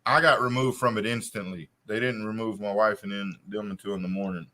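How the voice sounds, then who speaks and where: A man's voice: fairly low pitch, steady tone, brisk, pushed and bright. A man telling a long profane story on a casual podcast, with a loose, drawling delivery. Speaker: co-host.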